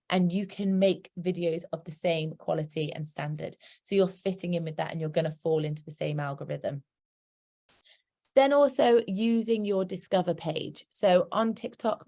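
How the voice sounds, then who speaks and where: British woman, workshop presenter, practical, chatty, mid-pitched voice. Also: darkish tone. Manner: upbeat, practical, chatty asides. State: hiccuping. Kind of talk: instructive presentation.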